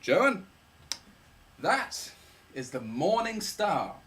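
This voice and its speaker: A man playing a patient father who shows his small son the stars, speaking in a gently instructive, emphatic way. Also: high voice, very animated, extremely slow, slight background noise, full character voice.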